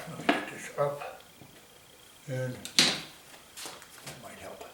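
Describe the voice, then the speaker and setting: A man giving a painting lesson, talking himself through each stroke in an unhurried, self-commenting way. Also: mid-range voice, bright, forceful tone. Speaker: painting instructor. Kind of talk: painting demonstration. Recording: echoey room, mic at a distance, faint hiss.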